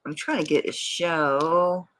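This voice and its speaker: A woman's voice: deep voice, fairly even intonation, slow pace, fairly bright tone. A woman hosting a live jewelry auction, chatting casually and rambling, laughing often as she shows pieces. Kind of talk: casual live-stream selling chat.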